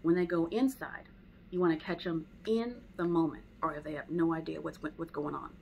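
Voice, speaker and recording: A woman's voice: sits low, fairly even intonation, moderate pace, vocal fry, a little mellow, a little hiss or hum, rough recording. A woman teaching dog training in a casual, conversational way at home. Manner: conversational, acts out dog and owner voices. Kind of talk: casual spoken lesson.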